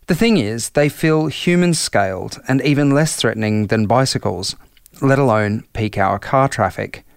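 Gravelly man narrating in a dry voice. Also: medium pitch, no room sound. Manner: measured, reflective. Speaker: host and narrator. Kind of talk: scripted narration.

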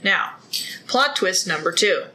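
A woman's voice: on the low side, expressive, takes it slowly, bright, forceful tone, a little hiss or hum, poor audio. A woman hosting a podcast, telling a true-crime case in a chatty way and breaking off for jokes. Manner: chatty, reads case notes then riffs with jokes. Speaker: podcast host. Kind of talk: casual true-crime storytelling.

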